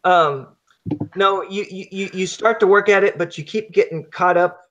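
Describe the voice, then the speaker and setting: A man narrating as game master of a tabletop horror game, talking haltingly with fillers and restarts. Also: high-pitched, fairly bright tone, dull audio.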